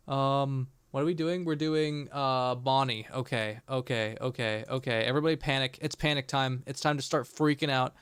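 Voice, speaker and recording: A man streaming a game, talking in an excitable, rambling and jokey way to his chat. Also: medium pitch, moderate pace, clear, resonant tone, no room sound, faint music behind. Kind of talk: gaming livestream chat.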